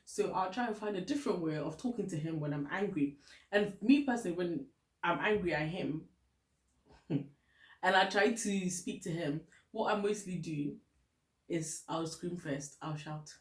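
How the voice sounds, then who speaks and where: A Ghanaian woman vlogger with a voice on the low side gives relationship advice at a moderate pace, chatting candidly and laughing often in a Ghanaian English accent. The room is echoey.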